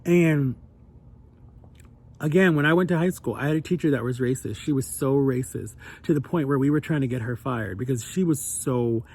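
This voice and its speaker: A man's voice: medium pitch, moderate pace, a little mellow, breathy edge. A young adult man talking earnestly and emotionally in a personal vlog, his voice climbing when he gets upset. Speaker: vlogger.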